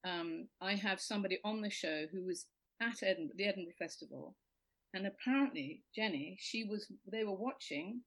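A woman's voice: mid-range voice, moderate pace, fairly bright tone, low-quality recording. Dry, self-mocking English woman. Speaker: comedian guest. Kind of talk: casual radio chat.

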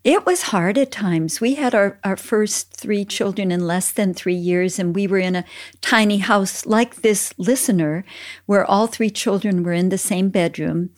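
An older woman co-hosting a Christian parenting talk, telling family stories in a gentle, earnest way. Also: mid-range voice, unhurried. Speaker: podcast co-host, mother.

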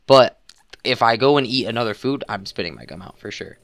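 A man's voice: mid-range voice, brisk, no room sound, studio quality. A young man co-hosting a podcast, chatting casually and telling stories with lots of laughter. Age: young adult. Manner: lively, storytelling, laughs often. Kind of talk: casual chat.

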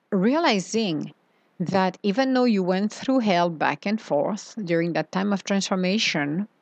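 A woman giving a motivational spiritual talk as a coach, speaking in a slow, soothing way with drawn-out phrases. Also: fairly low pitch, dry recording.

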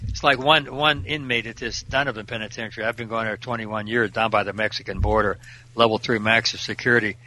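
A man's voice: on the low side, steady tone, fast, pushed and bright, a little hiss or hum. An older man, a prison minister and guest, talking fervently in an interview and quoting scripture verse by verse. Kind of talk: preaching interview talk.

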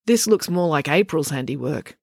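A woman's voice: sits low, animated, moderate pace, vocal fry, a little mellow, dry recording, clean studio sound, full character voice. A woman voicing a large, easygoing teenage boy who talks matter-of-factly.

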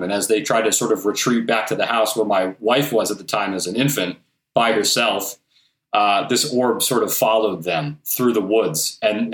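A man's voice: lowish voice, a bit bright. A man telling stories casually in an interview, rambling with restarts and fillers. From southeastern Massachusetts. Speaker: guest, documentary filmmaker and collector. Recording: roomy echo.

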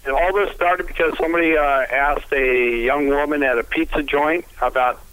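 A bright-voiced male co-host on the line. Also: on the high side, steady tone, normal speed, clean tone, no room sound, rough recording. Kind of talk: casual radio talk.

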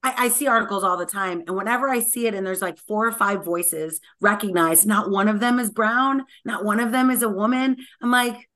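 A woman's voice: mid-range voice, a little fast, few pauses. A woman being interviewed as a tech guest, talking energetically with lots of filler words. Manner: energetic and talkative, many "like" fillers. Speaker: guest technologist. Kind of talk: conversational podcast interview.

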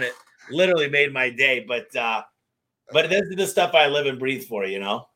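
A man who owns a service company, telling lively anecdotes in a casual interview and acting out the dialogue. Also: a little high. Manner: energetic, fast-moving anecdotes with acted-out dialogue. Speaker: garage door company owner, guest.

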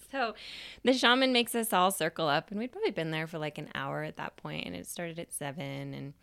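A young adult woman and podcast host telling a personal story in a casual, animated way, swearing freely and acting out her own past remarks. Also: low-pitched, fairly quick, vocal fry, no room sound.

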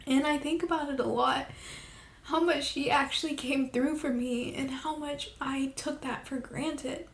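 A young woman talking on her own podcast in a personal, confessional way, emotional and halting, with many pauses and fillers. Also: sits high, steady tone. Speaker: podcast host. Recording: echoey room.

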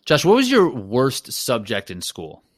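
A man's voice: medium pitch, huge pitch swings, measured pace, no room sound. Chatty male podcast host, dry sound. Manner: chatty, loose, laughs easily. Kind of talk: casual podcast chat.

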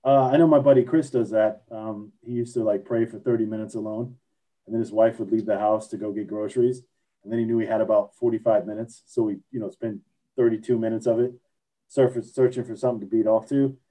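A man's voice: fairly low pitch, fairly even intonation, fairly quick, warm tone, poor audio. A man co-hosting a casual podcast chat, reading out crude slang definitions and joking along. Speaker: podcast co-host.

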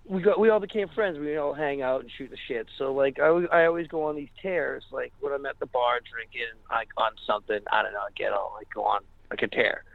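A man's voice: mid-range voice, brisk, gravelly, hardly any pauses, no room sound, phone-quality sound. A man casually telling a rambling story in an interview, full of fillers and acted-out quotes. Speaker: musician guest.

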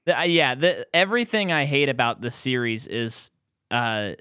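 A man co-hosting a podcast, giving blunt opinions on movies with lots of halting restarts. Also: mid-range voice, expressive, sharp tone, smooth, no echo, clean studio sound. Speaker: podcast co-host. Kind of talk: casual movie-review chat.

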